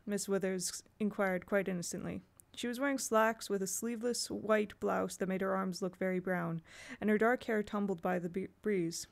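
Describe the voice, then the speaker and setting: Gravelly woman reading a storybook. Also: mid-range voice, fairly even intonation, normal speed, few pauses. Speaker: audiobook reader. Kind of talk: storybook narration.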